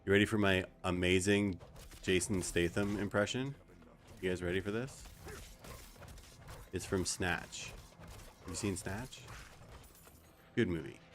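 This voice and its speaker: A male game streamer in a relaxed, joking chat with viewers, talking a friend through the game. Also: low-pitched, measured pace, pauses often. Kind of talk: casual gaming chat with viewers.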